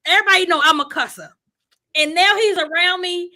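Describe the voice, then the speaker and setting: A woman hosting a podcast in casual chat, loud and playful, laughing often and cussing freely. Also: very high voice, fairly quick. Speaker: podcast host.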